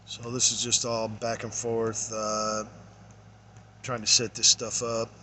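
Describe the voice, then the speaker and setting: A man reading case notes aloud and commenting on them, halting, with many fillers, trailing off quietly at times. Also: lowish voice, completely flat delivery, slight background noise.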